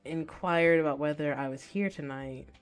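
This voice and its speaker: A woman voicing an aloof, formal male shadow monster in a game, speaking in a measured, condescending way. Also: sits low, faint music behind, close to an everyday voice.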